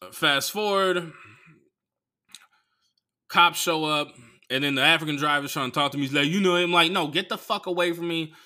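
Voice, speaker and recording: A man hosting a comedy podcast, telling a profane story as a monologue, swinging from mumbled asides to loud outbursts. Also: medium pitch. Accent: Bay Area.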